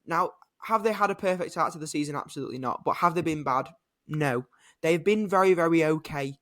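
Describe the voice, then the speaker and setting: A British man with a high, light voice, talking sport on a casual podcast. He rants with plenty of energy and throws in the odd swear word. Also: a little fast. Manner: animated, ranting, swears and laughs. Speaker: podcast co-host.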